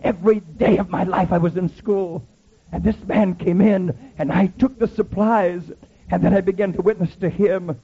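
A man's voice: high voice, steady tone, moderate pace, slightly rough, narrow, tinny audio. A man preaching a Pentecostal sermon, telling dramatic stories with heavy repetition.

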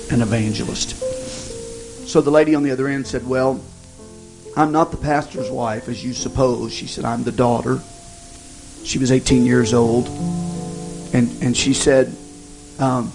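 A man, an evangelist, telling a personal testimony in a folksy, halting way with many restarts. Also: medium pitch, poor audio. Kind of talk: sermon testimony storytelling. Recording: music playing behind the voice.

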